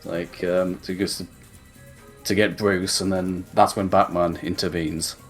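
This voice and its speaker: A low-pitched man talks loosely and at length, rambling through his recap with casual swearing. Soft music sits faintly under his voice. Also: flat delivery, a little slow. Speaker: podcast host. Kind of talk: casual chat.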